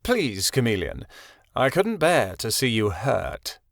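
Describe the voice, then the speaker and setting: A man voicing a scheming villainous king with a slow, sickly sweet drawl. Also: medium pitch, sing-song, no echo. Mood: coaxing. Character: sinister scheming king, smooth and coaxing.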